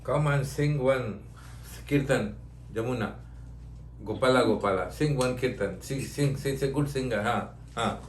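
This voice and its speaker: A man's voice: mid-range voice, measured pace, reverberant, slight background noise. An older man, a yoga teacher, giving a spiritual talk in short, repeated phrases of broken English, often laughing. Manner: non-native English with broken grammar. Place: ashram.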